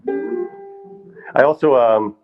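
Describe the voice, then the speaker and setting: A man's voice: medium pitch, extremely slow, music in the background. Rambling male comedian on a stage. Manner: rambling, self-interrupting, deadpan asides. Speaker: comedian and actor. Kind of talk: stand-up storytelling. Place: live stage in a small hall. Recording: muffled live stage recording.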